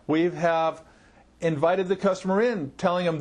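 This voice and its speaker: Middle-aged guy coaching shop staff on phone calls, kinda high voice, acts out greetings. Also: fairly even intonation, normal speed. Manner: demonstrates phone greetings with varied emphasis. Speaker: marketing coach. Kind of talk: training talk.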